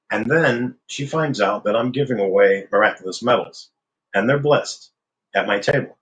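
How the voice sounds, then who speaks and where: A man's voice: lowish voice, lively intonation, normal speed, a bit bright, poor audio. A man being interviewed, telling a personal story in a casual, conversational way and acting out the remembered dialogue. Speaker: interview guest.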